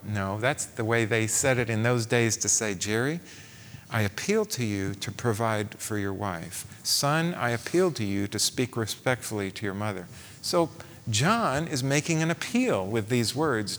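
A man's voice: mid-range voice, in a large hall. A man preaching a sermon, posing rhetorical questions and reading scripture aloud.

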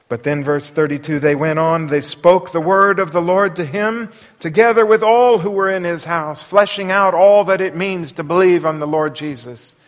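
A man delivering a sermon with a fairly high voice that rings out through a long hall reverb. He poses rhetorical questions to his listeners and swings between hushed asides and loud, forceful passages. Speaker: preacher.

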